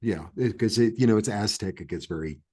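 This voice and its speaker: Man from New York, lowish voice, rambling animated storyteller, casual interview chat. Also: fairly quick, breathy edge. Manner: rambling, many restarts and fillers, animated. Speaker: interview guest.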